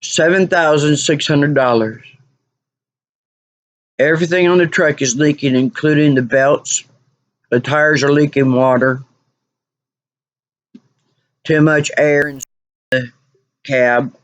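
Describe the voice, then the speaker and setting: A woman's voice: sits low, fairly even intonation, slow, pauses often, no room sound. A woman vlogger telling a personal story in an exasperated way, repeating lines for emphasis.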